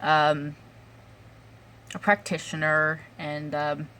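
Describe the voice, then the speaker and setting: Angry woman ranting, slow and halting. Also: low voice, level tone, bright, forceful tone, a little hiss or hum. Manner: angry, swearing, halting with fillers and sighs. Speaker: vlogger. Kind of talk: angry rant to camera.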